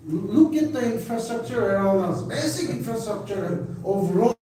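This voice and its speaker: A man giving a slow, emphatic statement at a press briefing, repeating words and pausing with fillers. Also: sits high, expressive, warm tone. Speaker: party spokesperson at press briefing. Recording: echoey room, mic far off, faint hiss.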